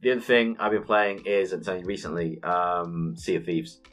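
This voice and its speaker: A man in his thirties, casually co-hosting a podcast, telling an animated, sweary gaming story and laughing often. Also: low-pitched, brisk, faint music behind.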